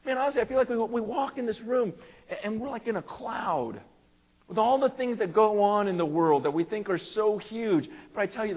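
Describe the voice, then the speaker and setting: High-voiced man preaching, tinny sound. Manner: fervent preaching, swings from loud to hushed; repeats words and starts lines over. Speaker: pastor. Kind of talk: sermon.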